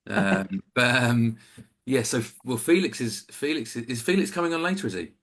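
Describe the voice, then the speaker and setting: A man's voice: medium pitch, lively intonation, normal speed, a bit bright, slight background noise. A man in his forties with an English accent, a guest on a video call, talking in a chatty, self-deprecating way with rambling asides. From England. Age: 40s. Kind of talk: casual video-call chat.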